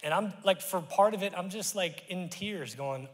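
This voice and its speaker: A middle-aged man preaching a sermon, his delivery swinging from loud emphatic calls to hushed, confessional asides, picked up by a stage microphone in a church auditorium. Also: sits high, normal speed. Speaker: pastor. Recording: live church hall reverb.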